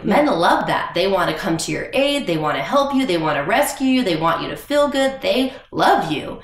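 A woman co-hosting a fitness podcast, a women's fitness coach giving lively, chatty advice. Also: mid-range voice, moderate pace, hardly any pauses, a little hiss or hum. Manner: animated storyteller, gives advice. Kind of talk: casual podcast chat. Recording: roomy echo.

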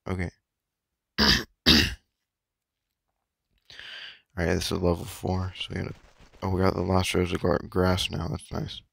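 A man giving slangy, boastful, rambling let's-play commentary in a hushed voice late at night, with a frog in his throat and his voice cracking. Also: deep voice, completely flat delivery, fast, dry recording. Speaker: gamer. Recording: game music playing clearly underneath. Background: game music.

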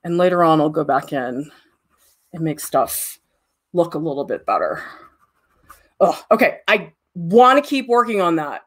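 A young woman teaches a drawing demo in a loose, chatty way, with her pitch leaping up and down as she talks. She laughs often and makes fun of her own work while she tells classroom stories. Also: measured pace, long pauses. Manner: self-deprecating, laughs often, animated storytelling. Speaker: art teacher.

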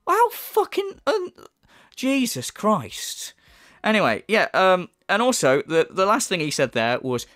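A man's voice: sits high, huge pitch swings, moderate pace, a bit bright. A man ranting through reaction commentary, exasperated, sarcastic and swearing freely. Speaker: commentary YouTuber.

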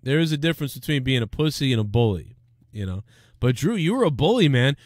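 A man's voice: mid-range voice, very animated, quick pace, darkish tone, no room sound, studio quality. A man hosting a live stream, ranting heatedly and swearing as he scolds and mocks. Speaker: live show host. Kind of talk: profane live-stream rant.

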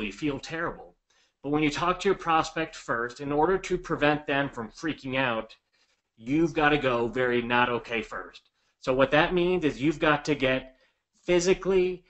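A man's voice: on the high side, a bit bright, poor audio. A man teaching a sales training lesson in a slightly raised voice. He coaches viewers directly, checking in with them after each point. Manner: coaching, addresses viewers directly with frequent "okay?" and "right?".

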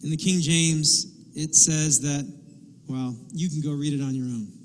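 Male pastor, high voice, animated sermon delivery, long church-hall reverb. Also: a little slow, slight background noise. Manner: animated, acts out quotes and asides. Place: church sanctuary.

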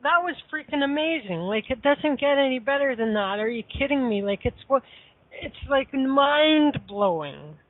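A woman's voice: sits high, a little fast. Rambling woman on a tinny phone line. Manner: rambling, many fillers and restarts. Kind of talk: casual chat.

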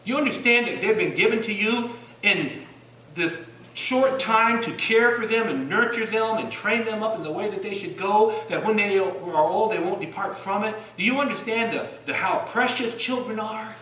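A man preaching a sermon in a church, asking rhetorical questions, rising to loud bursts and dropping low. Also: moderate pace. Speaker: pastor. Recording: echoey church room from a distance.

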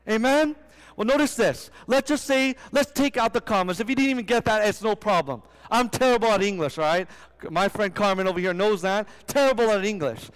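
Brief: young male preacher, very high voice, lots of rhetorical questions, long hall echo. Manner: asks the congregation rhetorical questions. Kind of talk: sermon.

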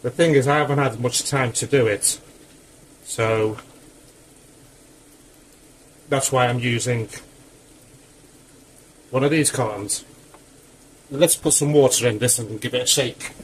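Slow-talking breathless home cook, a man. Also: medium pitch, a little hiss or hum, low-quality recording. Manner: chatty, rambling asides. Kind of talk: casual cooking commentary. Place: home kitchen.

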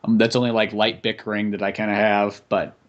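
A man's voice: fairly low pitch, little pitch movement, fairly quick, dull audio. A man co-hosting a comedy podcast, chatting casually and cursing a lot while he acts out silly bits. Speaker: podcast co-host.

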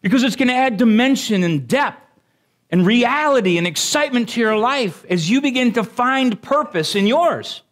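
A man preaching a sermon to a congregation. He makes joking asides to them and builds up to excited exclamations. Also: very high-pitched, moderate pace. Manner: animated, rising to exclamations. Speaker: pastor.

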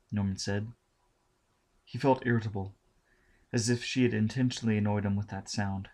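A male audiobook narrator reads in a steady, measured way. His voice sits on the low side. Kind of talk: scripted narration.

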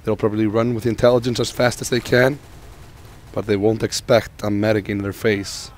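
A man with a sore throat giving jokey, excitable commentary while playing a shooter game. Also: lowish voice, normal speed, a little hiss or hum. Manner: jokey, excitable, talks to teammates and himself. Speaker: gamer. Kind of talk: gameplay commentary.

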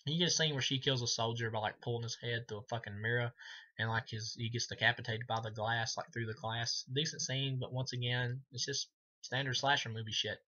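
A man's voice: medium pitch, fairly even intonation, brisk, bright, forceful tone, highs cut off. A man giving a casual, profane movie review, rambling with many fillers and laughing at his own jokes. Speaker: film reviewer.

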